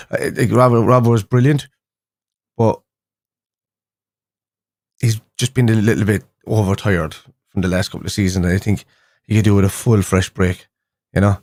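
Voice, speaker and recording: A young man hosts a casual fan live stream, chatting loosely with viewers and rambling through restarts and fillers. His voice is lowish and darkish in tone, captured in a dry, studio-quality recording.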